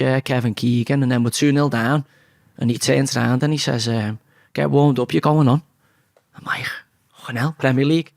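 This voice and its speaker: A man's voice: medium pitch, darkish tone, no room sound, studio quality. A man with a Liverpool Scouse accent, a guest in a casual interview, telling stories bluntly and swearing freely. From Liverpool, England.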